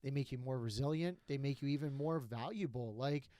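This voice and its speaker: A man's voice: mid-range voice, dark tone, dry recording. Laid-back man with a dry sound. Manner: laid-back, swearing, halting restarts. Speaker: podcast guest. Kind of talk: casual chat.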